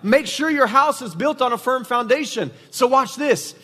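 High-voiced man preaching in a hall. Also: expressive, moderate pace, sharp tone. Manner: conversational preaching, frequent "right?" tag questions. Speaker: pastor. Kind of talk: sermon. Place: church sanctuary. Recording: reverberant hall.

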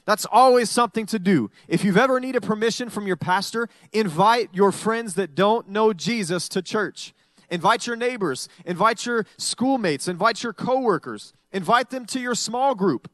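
A man's voice: sits high, lively intonation, moderate pace, fairly bright tone, no echo. A male pastor preaching a conversational sermon, often acting out what his listeners might say.

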